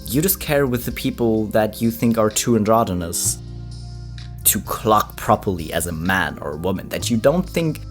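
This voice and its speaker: A host giving casual commentary on reaction clips, rambling with many filler words. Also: male voice, on the low side, expressive, moderate pace, soft background music.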